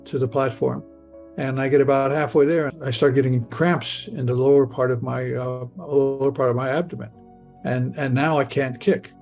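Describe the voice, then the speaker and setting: An older man from Michigan telling a personal story of nearly drowning, in a halting way that stumbles and repeats words as he relives it in the present tense. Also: medium pitch, gravelly, darkish tone. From Michigan, USA. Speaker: interviewee recounting a near-death experience.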